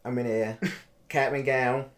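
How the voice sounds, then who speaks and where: A man, telling his own story in a casual interview, animated and repeating himself for emphasis. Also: medium pitch, unhurried. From Baltimore, United States. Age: 30s.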